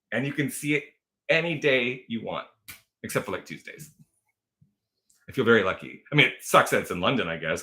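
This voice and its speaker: A man's voice: fairly low pitch, bright, forceful tone. Gushing, chatty man in his forties. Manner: chatty, gushing, laughs often, answers viewer comments. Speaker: livestream host. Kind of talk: casual livestream chat.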